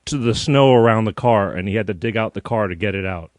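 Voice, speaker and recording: A man chatting casually as a guest, calm and a little hesitant as he prompts his friend. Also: fairly low pitch, fast talker, no echo, studio quality. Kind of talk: casual chat.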